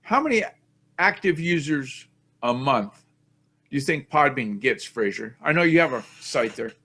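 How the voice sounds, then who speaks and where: This podcast host's mid-range voice has a sharp tone and an animated, moderate-paced delivery. He keeps the casual chat rambling and chatty, mocking himself as he goes.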